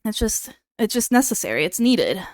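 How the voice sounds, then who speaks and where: A woman's voice: mid-range voice, big pitch swings, moderate pace, no room sound, clean studio sound. A young woman streamer chatting casually with her viewers, playful and given to dramatic bits.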